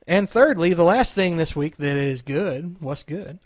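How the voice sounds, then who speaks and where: A man's voice: on the high side, lively intonation, unhurried, dry recording. A man in his thirties hosting a casual show over a video call, joking and rambling. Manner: joking, rambling, self-deprecating. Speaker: podcast host.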